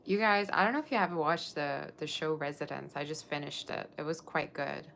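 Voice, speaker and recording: A woman with a low voice and a gravelly edge gives a live tarot reading. She talks in a chatty, rambling way and answers her viewers' comments as she goes. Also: brisk, a bit bright, slight background noise. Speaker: tarot reader.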